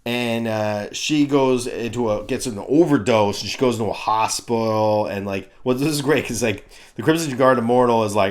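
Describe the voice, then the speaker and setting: A middle-aged man in his fifties rants through a cartoon review with crude jokes. He is animated and loose, his voice sitting at a medium pitch. The tone is casual and opinionated. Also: normal speed, few pauses. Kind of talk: comedic rant review.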